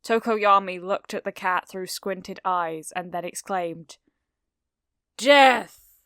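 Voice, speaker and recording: A woman reads a story slowly and carefully, with a bright, smooth voice recorded close and dry. She lightly changes her voice for each character she reads. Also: lowish voice, steady tone, dry recording. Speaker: fanfiction reader.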